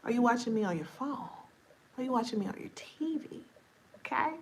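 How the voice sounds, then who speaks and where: A woman's voice: on the high side, expressive, brisk, darkish tone, slight background noise. Sleepy, chatty woman live-streamer. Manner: chatty, playful, talks straight to viewers. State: sleepy, voice going deep and scratchy. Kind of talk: casual live-stream chat.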